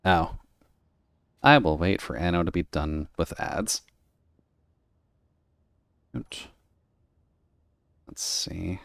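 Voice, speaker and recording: Male streamer, very low and smooth, rambling chat with frequent laughs. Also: fairly even intonation, extremely slow, pauses often, a bit bright, dry recording. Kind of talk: casual chat while gaming.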